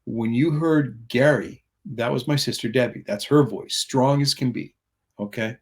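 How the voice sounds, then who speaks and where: A man's voice: medium pitch, normal speed, a little mellow. Middle-aged male guest, earnest storyteller, drifts off topic, voices other people in his anecdotes. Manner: earnest, rambling, quotes voices in stories. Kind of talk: conversational storytelling.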